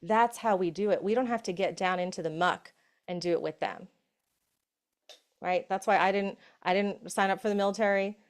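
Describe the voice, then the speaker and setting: Woman speaker with hushed affirmations. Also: mid-range voice. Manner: warm, conversational, often asks "right?"; slows to soft, hushed affirmations. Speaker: summit speaker. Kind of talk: motivational talk on breath and safety.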